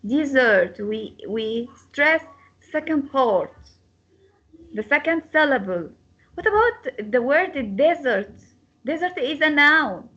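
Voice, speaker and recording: A woman teaching an English lesson, repeating words slowly to model their pronunciation. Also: high voice, sing-song, pushed and bright. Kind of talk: classroom lecture. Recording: slightly dull lo-fi sound.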